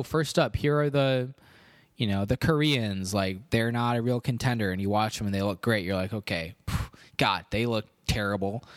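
A young man hosting a podcast, chatting casually in a rambling, jokey way with animated asides. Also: mid-range voice. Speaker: podcast host. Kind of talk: casual solo podcast chat.

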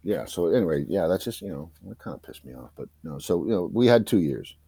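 A man's voice: low voice, big pitch swings, fast, dark tone, husky, dry recording. A middle-aged man from South Boston with a Boston accent, telling his own story candidly, emotional and profane with many restarts. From South Boston, USA. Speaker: memoir author, guest.

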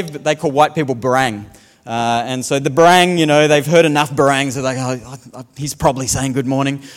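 A man's voice: on the high side, big-room sound. A man preaching a sermon as a pastor, telling funny stories and mimicking the way others speak. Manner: humorous storytelling, mimics accents.

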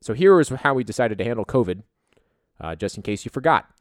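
A man's voice: medium pitch, lively intonation, brisk, no room sound. A young man hosting a casual podcast as a league commissioner, joking and swearing in a loose, rambling way from a home studio. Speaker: fantasy football league commissioner, podcast host. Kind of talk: casual profane podcast monologue.

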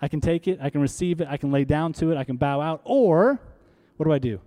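A man's voice: on the high side, fast, mellow. A man preaching a sermon, emphatic and full of rhetorical questions, leading the congregation to repeat lines after him. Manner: uses props on stage while preaching. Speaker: pastor.

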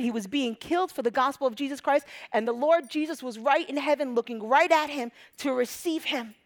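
A woman from Egypt preaching a sermon with passion, dropping to hushed whispers and rising to loud emphatic peaks. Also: high voice, brisk, hardly any pauses.

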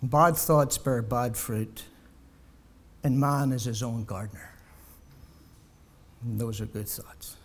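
A man preaching a sermon to a congregation, building to loud emphatic peaks and then dropping low, with repeated rhetorical questions. He gets short of breath as he goes. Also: fairly even intonation, takes it slowly, long pauses.

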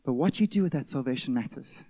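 A man preaching a sermon, stressing key words loudly and then dropping to a hush. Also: medium pitch, lively intonation, quick pace. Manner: emphatic preaching, swings between loud stresses and hushed drops. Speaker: pastor.

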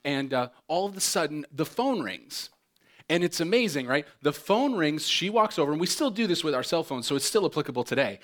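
A man's voice: a little high, a little fast. A middle-aged man preaching a sermon, telling comic stories and acting out voices with lots of bounce. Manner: animated, jokey, acts out voices in his stories. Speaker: pastor.

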